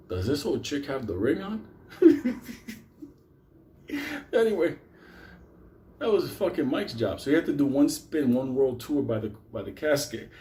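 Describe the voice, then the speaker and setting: A man spins a rambling comic tale for a live audience. He swears constantly and laughs between lines. His voice has a dark, mellow tone at an ordinary middle pitch for a man. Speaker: storyteller. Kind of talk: live comedic storytelling to an audience.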